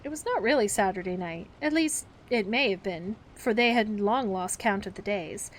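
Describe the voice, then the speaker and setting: A woman reading a children's classic aloud as a gentle bedtime story, taking on the characters' voices. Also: normal speed, slight background noise. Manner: acts the characters with raised pitch for the children's outbursts.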